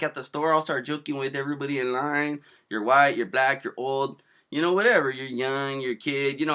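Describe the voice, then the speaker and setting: A man in his thirties rambles through casual video commentary in a bright, forceful voice that sits a little high for a man. He talks in loose slang and swears freely. His sentences trail off into fillers and restarts. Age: 30s.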